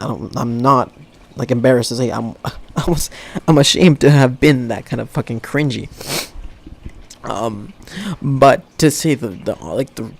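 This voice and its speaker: A young man talks alone into a podcast mic, rambling from one thought to the next and swearing freely. His voice has a gravelly, fry-heavy edge at a middle pitch. He laughs at his own stories as he goes. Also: darkish tone. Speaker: podcast host. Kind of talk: solo podcast monologue. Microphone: podcast microphone.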